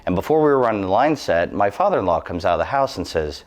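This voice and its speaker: Deep-voiced earnest man telling a safety story. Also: big pitch swings, fast talker, hardly any pauses. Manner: earnest, emphatic and cautionary. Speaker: employee giving a safety testimonial. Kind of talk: personal testimonial story.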